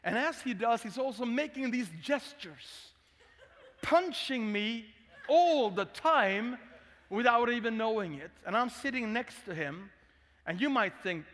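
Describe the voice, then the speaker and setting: A Swedish-accented male pastor tells a humorous, candid story from the pulpit. His voice sits high for a man. A long hall reverb trails after every phrase. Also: lively intonation, a little slow, a bit bright. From Sweden. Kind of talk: sermon.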